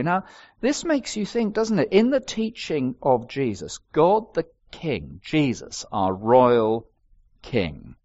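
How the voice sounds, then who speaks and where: A man's voice: medium pitch, takes it slowly, lo-fi sound. An older man preaching a sermon, telling stories with wry humour. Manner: expressive storytelling with wry humour.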